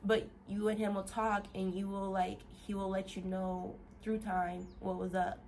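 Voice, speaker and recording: A woman vlogger giving a casual motivational rant, animated, laughing often and swearing freely as she rambles with restarts. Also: medium pitch, measured pace, a little hiss or hum.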